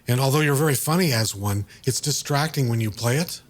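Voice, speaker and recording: A man, the writer of the piece, giving script notes in a discursive, halting way with many fillers, over a video call. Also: mid-range voice. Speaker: writer and director.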